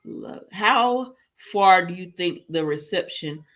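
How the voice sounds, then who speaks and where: A woman's voice: on the low side, lively intonation, slow pace, fairly bright tone. Chatty woman recapping a soap opera. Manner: chatty, retells scenes by quoting characters, answers viewer comments; laughs often, lots of fillers. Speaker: soap opera review host. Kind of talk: casual livestream recap and chat replies.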